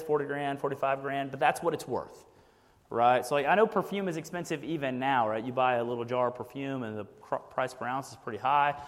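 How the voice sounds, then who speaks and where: A man preaching a casual, conversational sermon, peppering his points with "like" and "right?". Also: mid-range voice. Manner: casual, frequent "like" and "right?" asides. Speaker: pastor. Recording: long hall reverb.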